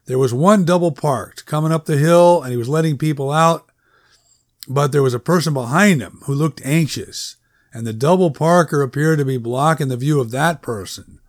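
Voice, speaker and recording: A man's voice: fairly high pitch, lightly acted. A man voicing an anxious, earnest woman who is a worried schoolteacher, in a story reading.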